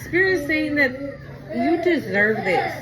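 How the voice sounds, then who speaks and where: A woman's voice: high voice, sing-song, unhurried, a crowd in the background, background noise. A woman giving a casual spoken tarot reading to her viewers, talking in an emphatic, repetitive way. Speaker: tarot reader.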